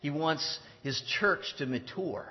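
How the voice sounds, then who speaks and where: Man, sermon, earnest and deliberate, repeats key phrases, long hall echo. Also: a little high. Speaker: preacher. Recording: dull lo-fi sound in a reverberant hall.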